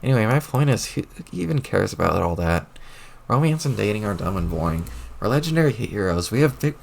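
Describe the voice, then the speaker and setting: A man reading aloud as a wry, deadpan teenage girl adventurer who rambles. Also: lowish voice, a little fast, vocal fry, slight background noise.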